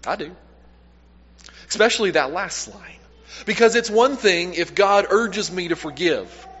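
A man preaching a sermon to a congregation in a loose, conversational way, fairly high in pitch. His phrases often sink quiet at the end, and he corrects himself mid-sentence. The sound is dull and lo-fi, with a long echo from the church hall. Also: unhurried, breathy edge. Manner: conversational, self-correcting, drops to quiet at line ends. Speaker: pastor. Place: church sanctuary.

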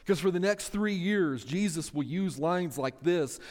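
A man preaching a sermon in an animated storytelling manner, often stringing his sentences together with repeated "and.". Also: high voice, unhurried, long reverb tail.

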